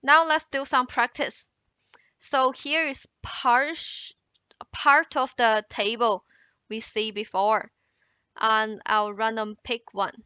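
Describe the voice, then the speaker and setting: A woman with a Mandarin Chinese accent teaching an introductory language lesson, explaining slowly and exaggerating tones in her examples. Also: a little high, fairly even intonation, sharp tone, clean tone, no room sound, highs cut off. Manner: slow, careful explanation, exaggerating tone contours in examples.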